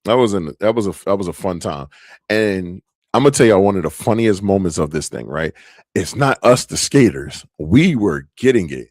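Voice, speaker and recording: Low-voiced man telling stories on his podcast. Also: moderate pace, no echo, clean studio sound. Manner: animated, laughing, loose slang-filled storytelling. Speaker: podcast host. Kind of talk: casual solo podcast storytelling.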